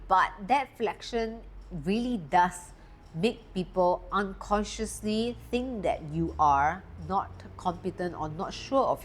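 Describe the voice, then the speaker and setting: A woman coaching on confidence in a steady, emphatic teaching talk, lifting her voice on key words. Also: medium pitch, a little hiss or hum. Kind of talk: talking-head teaching talk.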